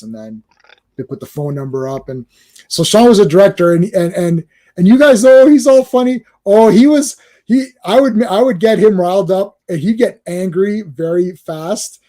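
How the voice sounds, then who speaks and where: A man's voice: high-pitched, normal speed, warm tone, low-quality recording. A man from Canada hosting a casual live stream, telling rambling stories with lots of restarts and acted-out quotes. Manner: rambling storyteller, many restarts, acts out quotes. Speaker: host.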